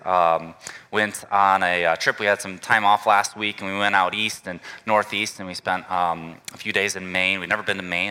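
A male pastor preaching a relaxed, conversational sermon and inviting the congregation to call out answers. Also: low voice, clean tone, in a large hall. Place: church sanctuary.

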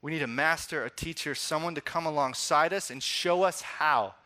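Young male pastor, bright voice, casual animated sermon delivery. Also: fairly high pitch, normal speed. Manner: conversational, animated storytelling with acted-out quotes.

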